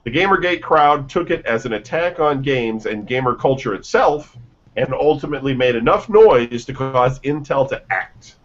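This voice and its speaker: A man's voice: mid-range voice, lively intonation, normal speed. Offhand man reading game news. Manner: reads game lists with offhand asides and stumbles. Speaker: news host. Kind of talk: casual radio show news reading. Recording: dull lo-fi sound.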